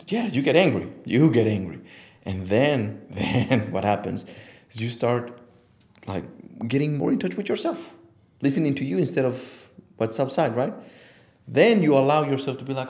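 A man's voice: medium pitch, very animated, normal speed, darkish tone. A man who works as an image consultant, talking as a podcast guest with passion and lots of swearing, acting out the voices he quotes. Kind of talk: casual interview talk.

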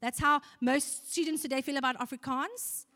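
A woman's voice: sits high, moderate pace, bright, forceful tone. A woman preaching a sermon, earnest and conversational, asking the congregation questions. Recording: long hall reverb.

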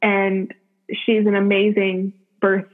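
Speaking slowly in a medium-pitched monotone, a woman on a podcast relates a personal story in casual conversation. She laughs frequently and leans on "like" as a filler, all over a thin, phone-like line.

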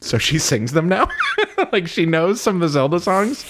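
A man's voice: fairly high pitch, big pitch swings, moderate pace, noisy background. A man co-hosting a podcast, chatting casually and rambling with lots of "like" and frequent laughter. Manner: rambling, fills speech with "like", laughs often. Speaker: podcast co-host. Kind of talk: casual chat.

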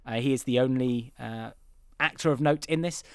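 Smooth-voiced man hosting a film podcast. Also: medium pitch, moderate pace, darkish tone, no echo, clean studio sound. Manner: wry, laughs often, rambling asides. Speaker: podcast host. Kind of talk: casual film podcast chat.

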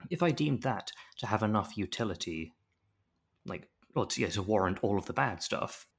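A man's voice: on the low side, normal speed, gravelly. A man co-hosting a podcast, chatting casually and jokily acting out quotes in different voices. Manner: animated, jokey, acts out quotes in voices. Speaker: podcast co-host recapping a TV episode. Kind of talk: casual chat.

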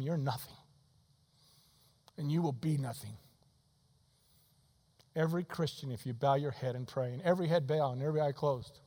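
A man in his sixties preaching an altar call in a church, swinging between soft pleading and loud shouting. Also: on the high side. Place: church sanctuary. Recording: long hall reverb.

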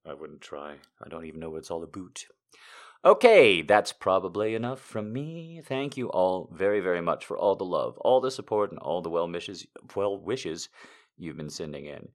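A man giving his followers a casual personal update, excitable and rambling, swearing freely and restarting his sentences. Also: low-pitched, moderate pace. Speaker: content creator.

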